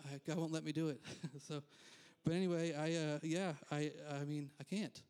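A man's voice: fairly high pitch, steady tone, moderate pace, darkish tone, clean tone. A man preaching a conversational sermon as pastor in a church, candid and self-deprecating, with frequent asides.

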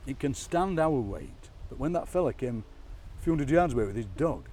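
A Yorkshire man tells stories on an outdoor walk, animated and quick to slip into other people's accents. His voice is of middling pitch. He is picked up from a little way off, out in the open air. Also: distant mic. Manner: animated storyteller, mimics accents, laughs often. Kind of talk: chatty outdoor walk-and-talk. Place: outdoors by a graveyard.

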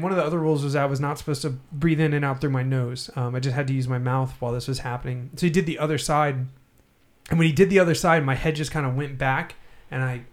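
A man telling a long personal story in casual podcast chat, rambling and laughing often. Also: a little high.

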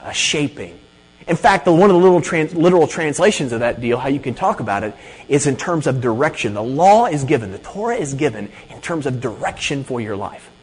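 A man's voice: mid-range voice, husky. A man preaching a sermon in a conversational, emphatic way, often checking in with "okay?". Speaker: pastor. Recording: long hall reverb.

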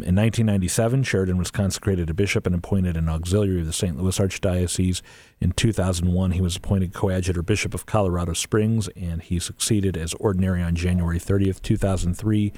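Male radio host, low and dry, leads prayer earnestly. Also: steady tone, brisk, a little mellow, dry recording. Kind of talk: Catholic radio talk and prayer.

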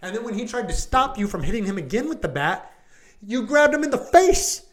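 With a high, sing-song voice and a brisk pace, the deputy tells the story of a call in a laid-back podcast conversation. Probably in his thirties, he uses plenty of "like" and "I go" and plays out the dialogue.

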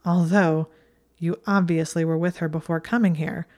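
A woman voicing a sardonic teenage boy wizard who talks in quick, mocking retorts, in an audiobook reading. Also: fairly low pitch, steady tone, a little mellow, natural voice.

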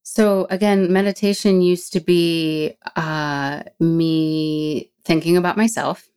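Low-voiced woman telling a vivid story. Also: clear, resonant tone. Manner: animated storyteller, acts out quoted voices, slows down when emotional. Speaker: guest. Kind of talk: casual storytelling interview.

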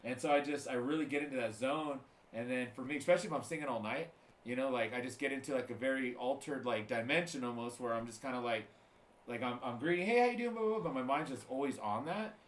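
Man, podcast host, quick easy chatter, echoey room, loose and rambling. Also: mid-range voice. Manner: laid-back, rambling, many fillers. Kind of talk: casual podcast chat. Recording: roomy echo.

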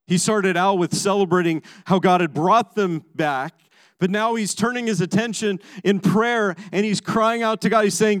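Preaching as pastor, a man speaks at normal speed in a clean tone, emphatic and swinging from loud stretches to quiet, low ones. He often repeats words when beginning a sentence. There's no room sound.

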